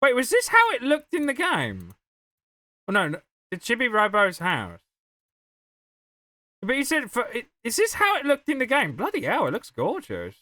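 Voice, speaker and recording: A man's voice: very high-pitched, wildly swooping pitch, normal speed, long pauses, bright, forceful tone, dry recording. A young man chatting casually on a game livestream, chatty and giggly. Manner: chatty and giggly, often laughing mid-sentence. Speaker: streamer.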